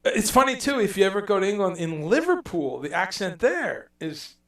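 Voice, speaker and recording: A man hosting a casual livestream chat, telling stories in a rambling, animated way and dropping in profanity. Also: high voice, normal speed, echoey room, distant mic. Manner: rambling, animated storytelling with mock accents and profanity. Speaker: livestream host.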